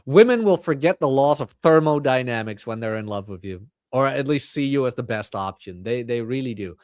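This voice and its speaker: Animated male author telling stories. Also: mid-range voice, brisk, no echo, clean studio sound. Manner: animated, acts out quoted dialogue. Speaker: author guest. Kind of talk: casual interview storytelling.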